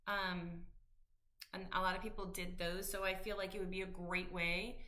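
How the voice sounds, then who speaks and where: Fifties woman, rambling home vlogger, ringing bright voice, lots of ums. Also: on the low side, level tone, normal speed. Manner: rambling, warm-hearted, many ums and restarts. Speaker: cross-stitch vlogger. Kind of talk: casual chat to camera.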